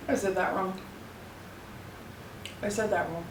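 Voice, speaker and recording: A woman vlogger chatting casually and playfully while eating, pausing to savor her food. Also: medium pitch, steady tone, reverberant, distant mic, noisy background. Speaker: mukbang vlogger.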